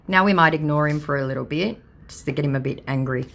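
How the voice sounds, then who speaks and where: A woman's voice: deep voice, moderate pace, fairly bright tone. A woman scam baiter reading chat messages aloud with sarcastic, teasing commentary.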